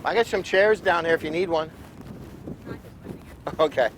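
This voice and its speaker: A man giving live play-by-play at an outdoor polo match, excitable and chatty, climbing to shouts when a goal looks close. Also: a little high, a little slow, pauses often, slight background noise. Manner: excitable, rising to shouts on near goals, chatty asides to the crowd.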